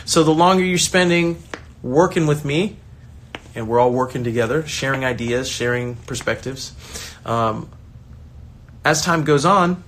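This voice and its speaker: A man, a soccer coach, giving a casual motivational talk with lots of energy, restarting sentences and acting out the voices of others. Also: medium pitch. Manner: energetic, acts out quoted voices, rambling restarts. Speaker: soccer coach and online creator.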